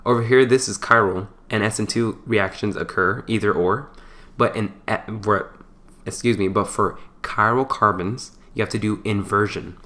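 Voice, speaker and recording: A man with a somewhat low voice walks through a chemistry problem like a tutor at a whiteboard. He keeps it loose and conversational, tossing in jokey asides and correcting himself along the way. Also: moderate pace. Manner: relaxed and chatty, with playful asides and small stumbles. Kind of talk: casual whiteboard lecture.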